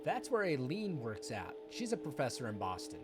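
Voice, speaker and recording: A man talking loosely over a live game stream. His voice sits at an ordinary middle pitch, and he drifts from topic to topic, candid and a little bitter. Faint game music runs quietly behind him. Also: huge pitch swings, normal speed. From United States. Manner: rambling, candid, bitter and sarcastic asides. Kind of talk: casual live-stream chat.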